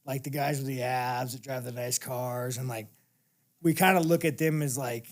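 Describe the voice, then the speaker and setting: A man's voice: medium pitch, steady tone, normal speed. A man as an interview guest, telling stories in a blunt, profane, casual way and laughing as he talks.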